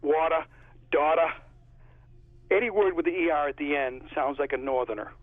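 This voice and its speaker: A man's voice: a little high, fast, no room sound. A man with a Connecticut accent, an author chatting in a casual interview and rambling through stories. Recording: tinny phone line, husky.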